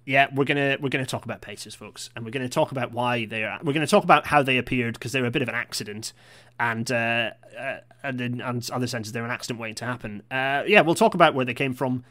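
A man talks quickly through a live-streamed podcast monologue. He is chatty and self-deprecating, often breaking off into apologetic asides. His voice sits at a mid pitch. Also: a bit bright. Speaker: podcast host.

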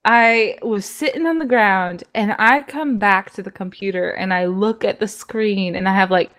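A woman's voice: medium pitch, normal speed, a bit bright. A woman casually retelling a roleplay game moment, laughing and acting out other characters' lines.

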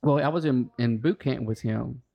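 A Marine veteran, a man, telling boot camp stories in a profane, animated casual chat. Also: mid-range voice, moderate pace, gravelly.

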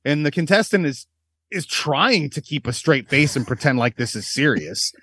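A man's voice: on the high side, moderate pace, husky, dry recording, studio quality. A man co-hosting a podcast, telling crude stories in casual chat with a lot of laughter. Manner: crude, animated storytelling with frequent laughs. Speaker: podcast co-host.

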